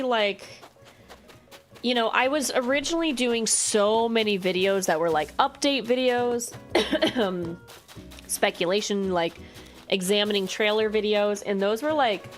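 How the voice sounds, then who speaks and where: Chatty, excitable woman streamer. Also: medium pitch. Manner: chatty and excitable, full of "like" and quick reactions. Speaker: live streamer. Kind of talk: casual chat while playing a game on stream.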